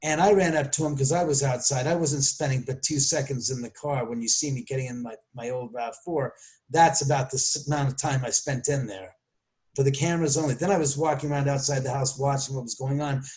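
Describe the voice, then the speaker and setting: A man telling a story as a podcast guest, animated and acting out the voices he quotes, often restarting and correcting himself. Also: mid-range voice. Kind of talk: storytelling interview.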